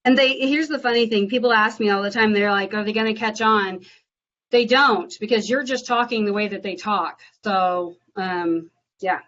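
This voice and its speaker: Woman from Nashville, agent type, loose chatty delivery with many ums, mid-pitched, slightly muffled audio. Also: moderate pace. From Nashville, USA. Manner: chatty, filler-heavy, bright and upbeat on calls. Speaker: real estate agent. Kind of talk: live prospecting calls and Q&A.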